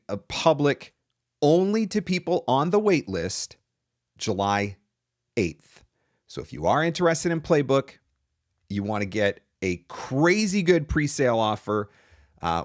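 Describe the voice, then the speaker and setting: A man's voice: mid-range voice, no echo, clean studio sound. A man hosting a live-stream Q&A, giving casual voice-over business advice in a loose, chatty way with frequent restarts.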